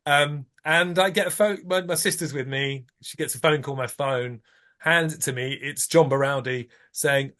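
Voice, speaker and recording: A man, a podcast guest telling a lively anecdote and acting out his own lines. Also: medium pitch, normal speed. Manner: animated storyteller, acts out his own lines. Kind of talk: anecdote in casual chat.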